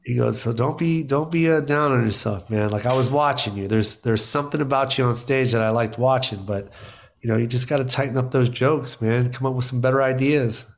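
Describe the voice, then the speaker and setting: A man's voice: medium pitch, steady tone, a little fast. A middle-aged man, a stand-up comedian, telling stories in casual podcast talk, acting out quotes and laughing often.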